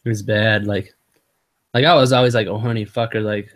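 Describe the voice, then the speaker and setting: A man's voice: on the low side, steady tone, normal speed. A man hosting a casual online hangout, rambling and swearing a lot, full of fillers, sometimes stumbling over his words. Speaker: motovlog host.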